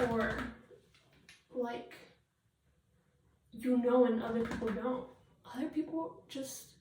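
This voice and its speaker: A high-pitched woman speaks slowly and bluntly, swearing freely as she rants while doing her makeup. She often trails off into fillers. Her voice sounds distant and echoes around the room, with a faint hiss behind it. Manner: blunt, profane, ranting. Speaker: vlogger. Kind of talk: get-ready-with-me rant.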